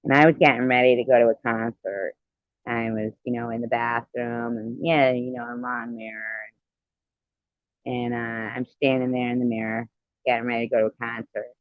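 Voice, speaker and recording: A man's voice: medium pitch, level tone, normal speed, dry recording, phone-quality sound. A man telling a personal story to viewers in a casual, rambling, heartfelt way, with many "you know" fillers.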